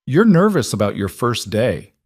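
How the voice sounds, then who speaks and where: A man voicing a bright six-year-old girl who talks in a matter-of-fact, earnest way. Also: mid-range voice, very animated, moderate pace, no echo, studio quality.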